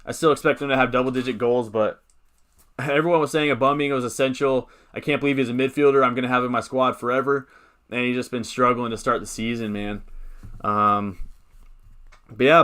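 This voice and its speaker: A young man hosts a casual live stream, chatting loosely and drifting off on tangents. His voice sits at an ordinary middle pitch. Now and then he stops to read out comments from his viewers and answer them. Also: fairly even intonation, quick pace, fairly bright tone, smooth. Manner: rambling, chats with viewers, reads out comments.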